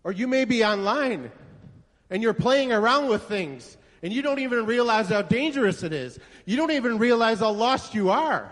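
A man's voice: very high voice, lively intonation, moderate pace, a bit bright. A male pastor preaching a sermon to a congregation, telling a story and asking rhetorical questions with emphasis. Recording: echoey hall reverb.

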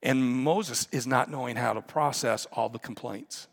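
A man's voice: mid-range voice, a little slow. A man preaching a sermon as pastor, earnest and conversational, often restarting his sentences. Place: church sanctuary. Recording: long reverb of a large hall.

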